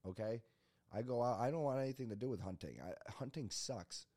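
A man's voice: mid-range voice, brisk, dark tone, no echo. A young man hosting a solo comedy podcast, rambling casually and swearing often while mocking himself. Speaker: podcast host.

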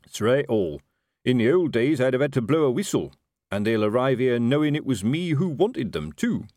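For an audiobook, a man voices a blustering, self-important middle-aged sergeant in a raised, wheedling voice pitched above his own, at a medium, sing-song pitch and moderate pace. His voice sounds natural and a little mellow. The studio sound is clean, with no room sound.

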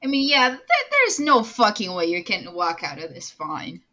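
Animated woman player, bright voice, cusses a lot. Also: medium pitch, normal speed. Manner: expressive, swears freely. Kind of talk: playing a tabletop role-playing game.

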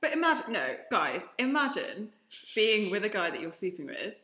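A woman chatting casually as a podcast co-host, her voice bright with a lively pitch. She talks in quick asides and laughs often. An echoey room surrounds her voice. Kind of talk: casual chat.

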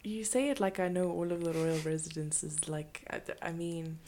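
A woman's voice: lowish voice, normal speed, darkish tone. Giggly woman co-hosting a podcast. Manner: giggly, playful, laughs often. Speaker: podcast co-host. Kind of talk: casual chat.

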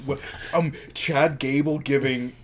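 A man chatting casually on a podcast, reacting to his co-host in short, halting remarks. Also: mid-range voice, fairly even intonation, crowd noise. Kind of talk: casual chat.

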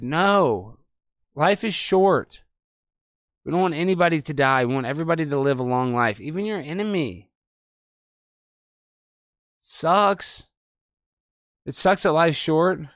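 A man hosting an online show, commenting sarcastically on news clips in a loose, animated way. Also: on the high side, dry recording, studio quality. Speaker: host.

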